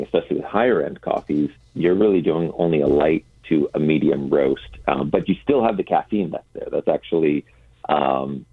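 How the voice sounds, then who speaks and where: A man's voice: a bass voice, gravelly, breathy edge, dry recording. A man on a phone line, a coffee roaster being interviewed as a radio guest, explaining at length with frequent ums. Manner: explanatory, hesitant with many ums. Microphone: telephone.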